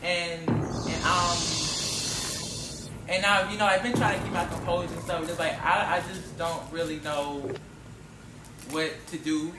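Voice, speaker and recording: A man talking in a casual group chat, an animated reality show cast member who laughs easily. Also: fairly high pitch, measured pace, over loud music. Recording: echoey room with noticeable noise.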